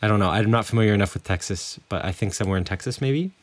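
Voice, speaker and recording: A man's voice: fairly low pitch, racing. A man co-hosting a podcast, making hesitant, hedged guesses in casual chat. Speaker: podcast co-host.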